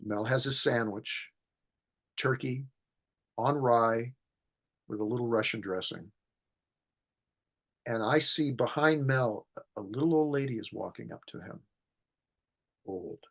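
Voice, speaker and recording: A man tells relaxed anecdotes as an interview guest. He acts out the people he quotes, and his pitch sits in the middle. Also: takes it slowly, creaky, long pauses. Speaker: guest, screenwriter and horror film expert. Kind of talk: storytelling in an interview.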